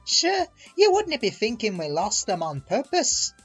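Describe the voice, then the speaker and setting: A man's voice: high-pitched, wildly swooping pitch, measured pace, a bit bright, breathy edge, soft background music, voice pushed up, exaggerated voice. A man doing cheeky Scottish twin engines. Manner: sly, innocent, lilting.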